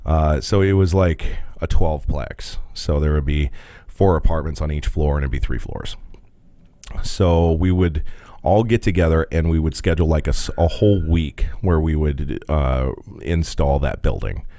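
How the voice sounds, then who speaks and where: A podcast co-host from the rural Midwest tells a long story in casual chat, swearing and laughing a lot in an animated way. His voice is extremely low and his pace normal, captured in clean studio sound with no room sound.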